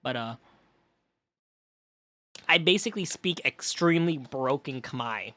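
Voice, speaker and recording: A man's voice: mid-range voice, expressive, unhurried, sharp tone. A young man chatting casually on a game stream at home, rambling and swearing with lots of fillers. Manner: rambling, profane, with many fillers and restarts. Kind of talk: casual gaming stream chat.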